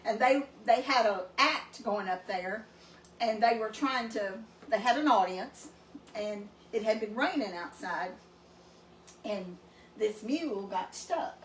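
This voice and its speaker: Slow and expressive, this slightly high-voiced Southern woman from East Texas co-hosts a cooking show and spins meandering, folksy tales about her family in easygoing chat. It's recorded in an echoey room with a distant mic and faint background noise.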